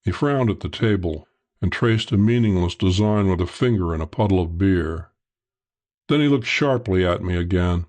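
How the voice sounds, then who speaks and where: A male audiobook narrator giving a dry, measured first-person telling of a hardboiled crime story. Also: low voice, darkish tone.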